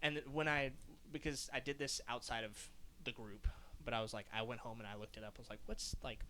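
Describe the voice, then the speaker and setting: Bright-voiced man chatting casually. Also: mid-range voice, flat delivery, quick pace, a little hiss or hum. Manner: rambling, full of restarts and "like, right?". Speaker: podcast co-host. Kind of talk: casual chat.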